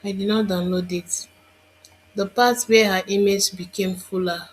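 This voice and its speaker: A woman's voice: mid-range voice, fairly even intonation, unhurried. A woman instructor giving a screen-recorded tutorial, thinking aloud and muttering to herself as she works.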